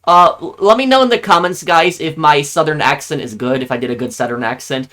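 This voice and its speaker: A man's voice: on the high side, fairly quick, sharp tone. A man giving casual commentary while playing a story game, reacting aloud and reading on-screen details. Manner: reacts aloud, reads names and dates. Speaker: let's play gamer.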